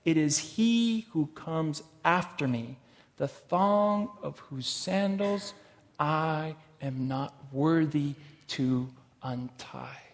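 A man preaching a sermon and reading scripture, slow and emphatic, with sudden rises in loudness. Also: on the high side, lively intonation. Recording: long hall reverb.

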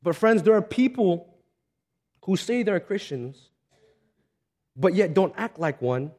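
A man's voice: sits high, sing-song, takes it slowly, a little mellow. A man preaching a sermon in a conversational, earnest way, telling stories and acting out the voices of the people in them. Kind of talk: sermon with storytelling.

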